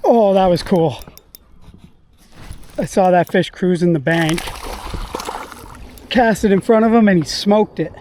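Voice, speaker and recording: A man with a fairly high but mellow voice talks through his day out on the water. He chats casually and breaks into excited exclamations, with faint noise behind him outdoors. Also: a little slow, pauses often. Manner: excitable, bursts of exclamations while landing fish. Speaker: fishing vlogger. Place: outdoors on a lake or river from a kayak.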